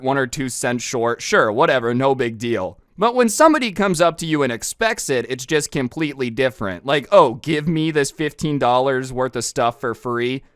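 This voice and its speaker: A man's voice: on the high side, a bit bright, smooth, no room sound, studio quality. A man telling a storytime in a casual, exasperated way, with sarcastic asides. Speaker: storytime vlogger. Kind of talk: storytime narration.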